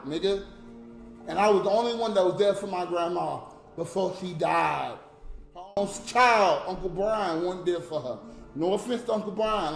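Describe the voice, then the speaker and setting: A man's voice: high voice, roomy sound. A man telling an emotional personal story in a repetitive, profane, impassioned way, urging listeners not to give up.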